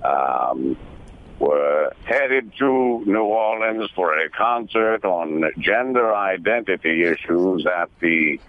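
A man's voice: low-pitched, lively intonation, dry recording. A man playing a fussy, formal phone witness who corrects every detail, with many hesitations. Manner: slow, formal, pedantic, many ums. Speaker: caller witness. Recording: tinny phone line.

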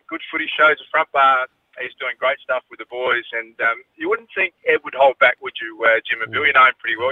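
A man's voice: medium pitch, no room sound. A man calling in to a radio show, chatting casually with lots of fillers and laughs. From South Australia. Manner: chatty, hesitant with many fillers, laughs often. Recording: tinny phone-line radio sound.

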